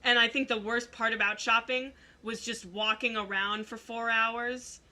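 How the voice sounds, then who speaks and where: Podcast host: bright, slightly high young woman, animated storyteller. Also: moderate pace. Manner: animated storyteller, mimics voices in anecdotes. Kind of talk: casual chat.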